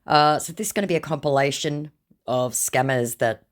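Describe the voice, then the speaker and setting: A woman's voice: deep voice, moderate pace. An Australian woman hosting a vlog, telling stories of baiting scammers in a sarcastic, mocking manner. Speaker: host.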